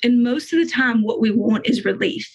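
A middle-aged woman being interviewed, telling an earnest, emotional faith testimony in quick bursts of speech. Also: fairly high pitch, darkish tone, husky, rough recording. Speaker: guest.

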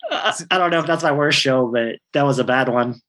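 Brisk and fairly bright in tone, this medium-pitched man is a thirtysomething stand-up comic chatting casually. His stories wander in a relaxed way, laced with free swearing and frequent laughter.

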